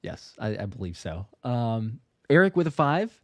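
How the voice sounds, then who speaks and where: A man's voice: mid-range voice, very animated, normal speed, dry recording. A man hosting a casual live sports Q&A, reading viewer questions and chatting loosely between them. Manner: loose and chatty, lots of fillers and restarts.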